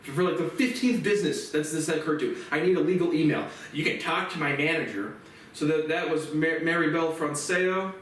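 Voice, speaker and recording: Agitated man in his twenties, profane rant, distant mic, boomy reverb. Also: moderate pace. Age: 20s. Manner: agitated, swearing, voice rising into shouts. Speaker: vlogger. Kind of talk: angry profane rant to camera. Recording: very echoey room, far from mic.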